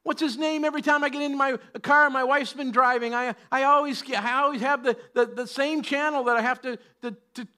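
A man preaching a sermon in church, joking and chatty at times and then rising to loud, emphatic preaching. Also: very high voice, steady tone, brisk, few pauses, clear, resonant tone. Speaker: pastor.

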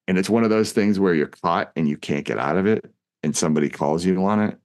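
A man's voice: fast, a little mellow. A man co-hosting a film podcast, talking casually and reflectively about a movie and his own past. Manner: reflective, acts out quoted lines with big pitch jumps.

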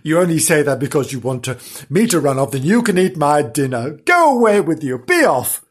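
A greedy, dismissive female cat, as a woman reads her scoffs in a quick, brisk voice. She brushes others off with impatience. The storybook voice is husky. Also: deep voice, very animated, heavily acted. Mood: scornful.

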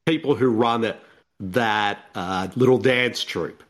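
A man's voice: on the low side, slow pace. An Australian man co-hosting a podcast, joking around in casual banter and laughing often. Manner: jokey, laughs often, drops into silly put-on voices. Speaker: podcast co-host.

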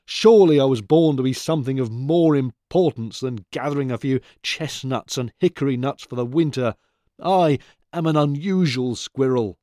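A man's voice: medium pitch, moderate pace, warm tone, no room sound, studio quality, close to an everyday voice. A man voicing a sulky, conceited young male squirrel who grumbles and sneers, in a storybook reading.

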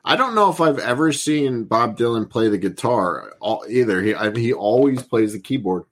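A man co-hosting a podcast, chatting casually in a relaxed way and laughing easily. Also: mid-range voice, moderate pace. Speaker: podcast co-host. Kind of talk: casual chat.

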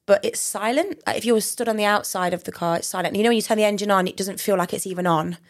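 A woman's voice: mid-range voice, fast talker. Chatty English woman co-hosting a podcast. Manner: chatty, laughs often, swears casually. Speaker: podcast co-host. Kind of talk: casual chat.

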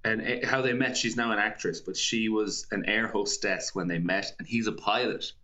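Low-voiced Irish man telling a story. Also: fairly even intonation, sharp tone. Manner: rambling, halting, with restarts. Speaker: comedian guest. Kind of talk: casual storytelling. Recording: dull, lo-fi sound.

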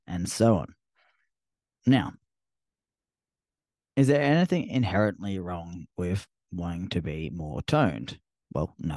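A man's voice: low voice, darkish tone, no room sound. An Australian man, a fitness coach hosting his own podcast, talking casually and rambling a little, with frequent ums and restarts. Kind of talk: casual solo podcast talk.

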